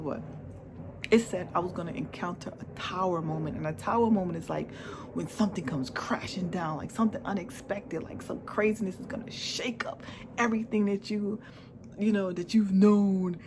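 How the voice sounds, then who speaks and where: A woman's voice: lowish voice, a little fast, background noise. A woman vlogger candidly telling a personal story in a chatty, repetitive way. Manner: candid, chatty, repeats herself.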